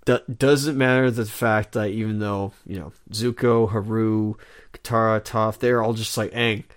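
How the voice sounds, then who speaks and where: A man's voice: on the low side, fairly even intonation, unhurried, clear, resonant tone. A man co-hosting a podcast, chatting casually in a rambling way with many fillers and restarts. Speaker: podcast co-host. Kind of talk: casual chat.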